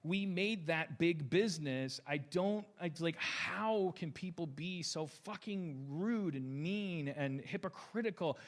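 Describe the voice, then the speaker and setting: A man's voice: on the high side, slow pace, hardly any pauses. A man in his forties hosting a podcast, rambling and stammering through a heated, profane rant. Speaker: podcast host.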